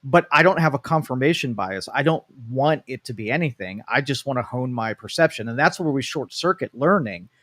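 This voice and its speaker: A man's voice: medium pitch, expressive, brisk, few pauses, a bit bright, no echo. A man co-hosting a live talk show, thinking aloud at length and restarting his sentences as he explains his views. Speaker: co-host. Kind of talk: casual talk show discussion. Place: studio.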